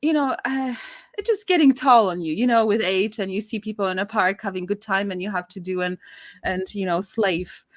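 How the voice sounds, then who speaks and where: A woman guest telling a personal story in casual conversation, animated and laughing often, her voice jumping high when excited. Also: moderate pace, dry recording, clean studio sound.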